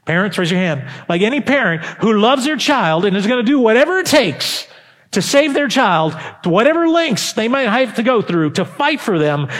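A man preaching a sermon, emphatic and fervent, rising to loud peaks and dropping low, often asking the congregation questions. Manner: addresses the congregation directly with questions. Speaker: pastor.

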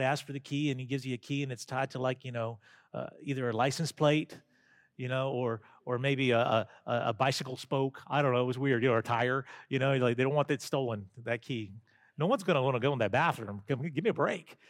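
A man's voice: medium pitch, dry recording, studio quality. A male pastor preaching a sermon in a conversational way, asking his congregation questions and telling stories.

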